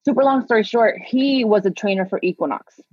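A woman in her thirties with a husky, breathy voice, talking freely as an interview guest and recounting her past in a loose, chatty manner full of fillers. The sound is dry and close, a little dull and lo-fi. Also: medium pitch, a little fast, dry recording. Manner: chatty, laughs often, many fillers. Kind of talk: personal storytelling in conversation.

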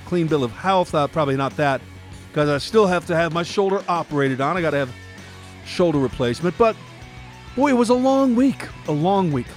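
A middle-aged man hosting a Christian devotional podcast, talking earnestly in a preachy way and building up to shouted rhetorical questions. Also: fairly high pitch. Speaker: podcast host.

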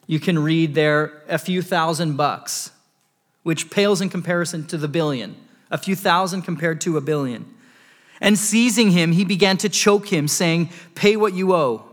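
A man's voice: on the high side, fairly bright tone, big-room sound. A pastor preaching a sermon, earnest, stumbling over words and restarting as he explains scripture.

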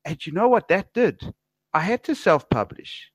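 A man from Africa, hosting a podcast interview and telling stories in a chatty, slangy, animated way. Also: high voice, normal speed, slightly rough, no room sound. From South Africa. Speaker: podcast host. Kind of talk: casual interview chat.

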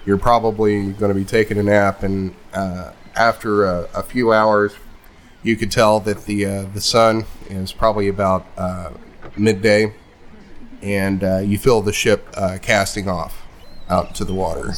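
A man's voice: fairly low pitch, fairly even intonation, a little slow. A man narrating as game master of a tabletop game, casual and full of fillers.

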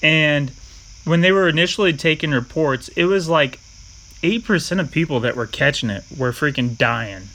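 A young man chatting casually, an animated storyteller who swears freely, with background hiss on the recording. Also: fairly high pitch, normal speed, rough recording. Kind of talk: casual chat.

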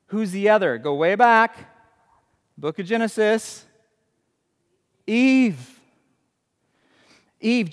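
A man preaching a sermon as a pastor, animated and conversational, asking his listeners questions. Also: high-pitched, long reverb tail.

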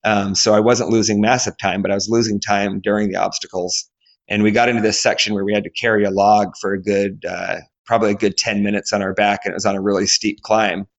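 Lively low-voiced man in his forties. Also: quick pace, lo-fi sound. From Alaska. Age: 40s. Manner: animated storyteller, acts out quotes, frequent restarts. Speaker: guest athlete. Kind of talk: storytelling in a podcast interview.

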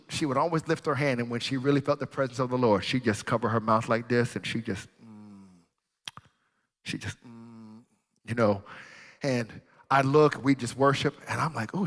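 A man preaching and telling a story, animated, swinging from loud bursts to hushed tones. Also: mid-range voice, breathy edge. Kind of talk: sermon storytelling. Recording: long reverb in a large hall.

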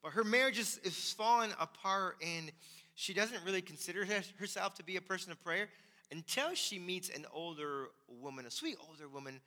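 A pastor preaching in a church with a high, bright, forceful voice. He talks conversationally and with emphasis, tossing "right?" to the congregation, and a long reverb hangs in the hall. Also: moderate pace. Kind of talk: sermon. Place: church sanctuary.

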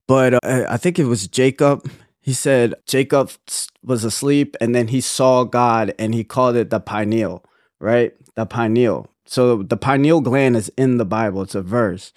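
A man's voice: mid-range voice, moderate pace, darkish tone, dry recording. Young man, casual podcast co-host, earnest rambling delivery, dry close sound. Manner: rambling, earnest, many restarts. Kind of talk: casual chat.

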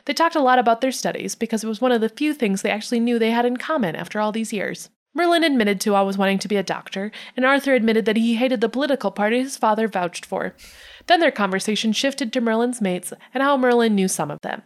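A woman with a Midwestern accent reads fiction aloud in a relaxed podcast manner. She trips over words now and then and keeps it loose rather than polished. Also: on the high side, fast. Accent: Midwestern American. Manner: reads with stumbles and breaks into laughter. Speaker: reader of fan fiction on a podcast. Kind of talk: reading fiction aloud with casual chat.

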